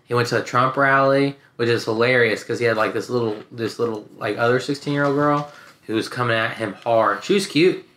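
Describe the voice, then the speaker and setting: Bright-voiced young man, casual chat. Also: medium pitch, fairly even intonation, brisk. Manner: loose, slangy, mimics people in raised voice. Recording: echoey room.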